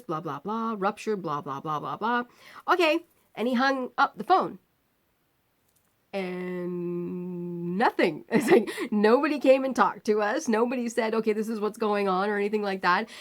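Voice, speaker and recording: A woman tells her own story to the camera in a casual vlog. She talks in a medium voice and acts out what everyone said. Her voice climbs sharply and gets loud when she quotes her own anger. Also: mid-range voice. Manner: animated retelling, acting out quoted lines. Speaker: vlogger.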